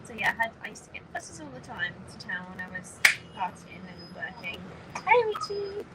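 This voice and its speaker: Her voice is medium-pitched and sing-song, moving at a normal speed as she livestreams from a bus in traffic. The English vlogger holds her phone, chats aimlessly and greets viewers by name, with the bus engine and road audible throughout.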